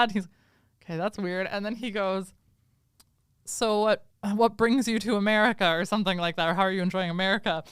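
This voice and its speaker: A woman telling a movie story to her co-host, throwing herself into every quoted line. Her voice is smooth and clean. The sound is dry and close to the mic. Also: medium pitch, a little fast, no echo. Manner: animated storytelling, acting out characters' lines. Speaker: podcast co-host. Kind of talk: casual chat, movie recap.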